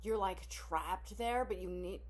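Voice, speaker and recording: A woman's voice: mid-range voice, slow pace. A woman hosting a casual song reaction video, talking with blunt, profane candor and frequent sighs. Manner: blunt, candid, profane oversharing with sighs and laughs.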